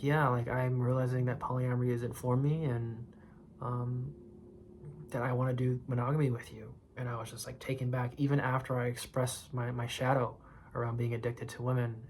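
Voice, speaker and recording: A man in his thirties telling a personal story in a slow, reflective confessional way. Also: mid-range voice. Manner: slow, reflective, drops to a whisper for quoted moments. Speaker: vlogger sharing a personal story.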